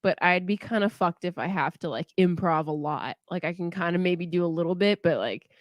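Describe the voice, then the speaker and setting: An American woman co-hosts a podcast, chatting casually and laughing a lot. Her voice is on the low side and fairly quick, with no room sound.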